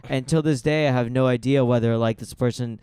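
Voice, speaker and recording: A man's voice: medium pitch, steady tone, fairly quick, dark tone, smooth, no echo. A man co-hosting a podcast, rambling in casual chat with many "like"s. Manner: rambling, hedging with "like". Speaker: podcast co-host.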